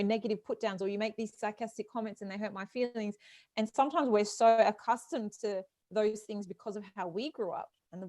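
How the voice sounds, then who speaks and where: A woman's voice: mid-range voice, darkish tone, dry recording. A woman hosting a live online talk, speaking emphatically and encouragingly, heard over a video call. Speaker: host.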